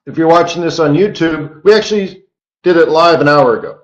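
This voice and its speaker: Man, forex stream host, casual rambling teacher, tired, echoey dull-sounding room. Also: on the high side. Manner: chatty and rambling, with quick rote disclaimers. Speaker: forex market strategist hosting a live trading stream.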